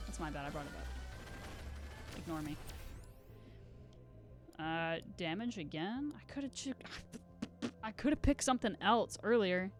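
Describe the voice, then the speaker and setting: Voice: mid-range voice, measured pace, pauses often, faint music behind. A live streamer in casual gaming stream chat, rambling and self-deprecating with giggly asides.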